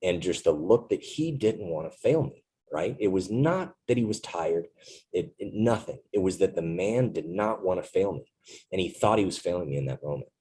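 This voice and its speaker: A man in his thirties with a deep, dark, husky voice. He tells a story from his service earnestly and reflectively as an interview guest, checking in with "right?" as he goes. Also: animated, normal speed, poor audio. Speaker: interview guest, Marine veteran.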